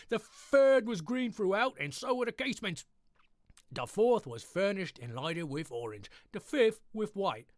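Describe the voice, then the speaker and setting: A man's voice: sits high, no echo, studio quality, heavily acted. Man doing a chipper English storyteller. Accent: put-on English. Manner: theatrical, drawn-out emphatic reading. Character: cheerful upbeat English male storyteller. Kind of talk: dramatic horror story reading.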